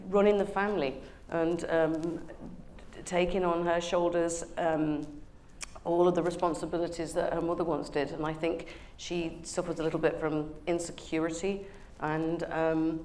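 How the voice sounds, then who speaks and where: A woman's voice: low voice, darkish tone, slight background noise. A woman with a British accent, an actress guest talking in a remote live TV interview, hesitant with many ums. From England and Ireland. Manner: hesitant with many ums, hearing audio feedback. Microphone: remote earpiece link.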